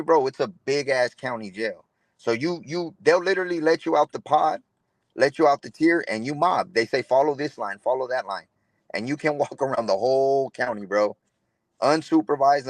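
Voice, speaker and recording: A young man recounts his story in relaxed street slang, tossing in "bro" again and again and replaying conversations as he goes. His voice sits at an ordinary middle pitch. The recording is dry and close, with almost no room sound. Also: no echo. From Los Angeles area, California. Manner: street slang, says "bro" a lot, retells dialogue. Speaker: interview guest. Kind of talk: casual storytelling interview.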